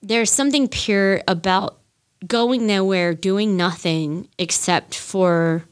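This podcast host, a woman in her thirties, talks slowly in a clean, steady, medium-pitched voice. Her solo music chat is casual and rambling, packed with fillers and the odd swear as she gushes.

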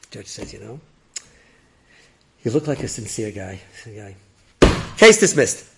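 Guy telling a story, gravelly voice, lively, does the voices. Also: on the low side, normal speed, noisy background. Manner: lively, acts out characters with rising excited voices and laughs. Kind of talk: animated oral storytelling.

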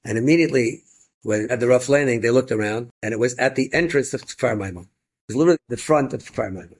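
A rabbi tells inspirational stories in a slightly husky voice. His pitch sits in a middle range for a man. He grows animated and pushes into excited emphasis, laughing as he goes. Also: fast. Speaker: rabbi and storyteller. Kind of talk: inspirational storytelling talk.

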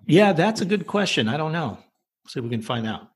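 Husky guy hosting a chatty podcast, laid back and wry. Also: a little high, sing-song, a little fast. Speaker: podcast host. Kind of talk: casual podcast chat.

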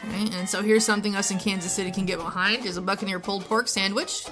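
An easygoing woman co-hosting a podcast, running through a list of items with small hesitations. Her voice sits in a middle pitch, with music clearly audible behind her. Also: fairly even intonation, fast talker. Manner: reading lists, easygoing. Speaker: podcast co-host. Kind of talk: casual chat.

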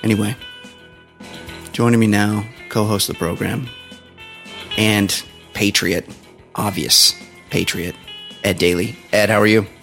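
A man's voice: fairly low pitch, fairly even intonation, a little slow, creaky, pauses often, a bit bright, soft background music. A man hosting a casual comedy podcast, joking crudely and swearing, in his morning voice. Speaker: podcast host. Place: home studio.

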